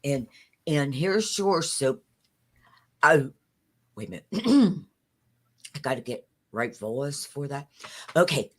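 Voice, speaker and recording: An older woman calls in with a very low voice and a slow, unhurried pace. She is hesitant and stammers a little, but stays affectionate. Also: animated. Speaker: caller. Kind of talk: casual livestream call-in.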